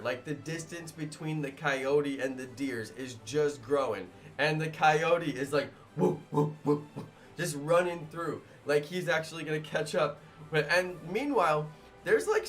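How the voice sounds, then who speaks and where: Rambling animated man telling a story. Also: a little high. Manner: animated, rambling, many fillers. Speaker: gaming video creator. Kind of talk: casual storytelling to viewers.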